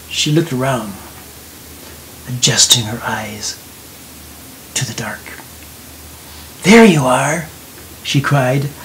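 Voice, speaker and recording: A man narrates a storybook in a slow, gentle reading voice. He often lowers to a near whisper on quiet moments. A faint steady hiss sits under the recording. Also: low-quality recording.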